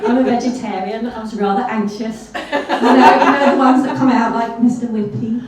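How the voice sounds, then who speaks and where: A woman's voice: a little high, fairly even intonation, normal speed, a loud crowd. Chatty woman telling a story. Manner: self-deprecating and chatty, with asides. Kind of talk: live storytelling on stage. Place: live event hall. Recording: echoey hall from far off.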